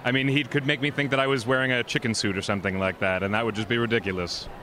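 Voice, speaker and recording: A man's voice: medium pitch, fairly even intonation, rapid-fire, pushed and bright, slight background noise. A man in costume answering interview questions with dry, smug humor outdoors at a convention. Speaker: cosplayer interviewee.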